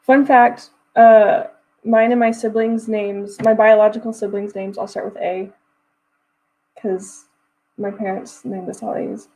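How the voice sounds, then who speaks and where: A young woman hosts a writing livestream, reading viewer comments and chatting casually, giggling often and speaking in loose phrases she keeps restarting. Her mid-range voice is mellow, with a flat delivery and a measured pace. The recording quality is low.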